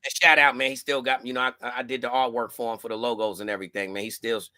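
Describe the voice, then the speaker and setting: A man's voice: medium pitch, level tone, quick pace, sharp tone, no echo, clean studio sound. A middle-aged man hosting a podcast in laid-back slangy chat, often repeating words as he goes. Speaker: podcast host. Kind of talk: casual chat.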